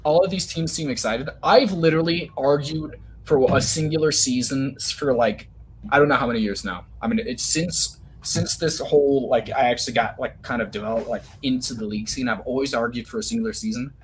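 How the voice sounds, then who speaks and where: A young man co-hosting a podcast, giving opinionated, halting takes on esports teams. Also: mid-range voice, slight background noise. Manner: opinionated, hesitant restarts. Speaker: podcast co-host. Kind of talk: casual esports chat.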